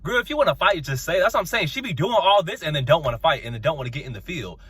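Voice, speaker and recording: A man hosting his channel, giving a sassy, slangy, dramatic recap of a reality show episode, with sudden high squeals. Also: animated, very fast, fairly bright tone, husky.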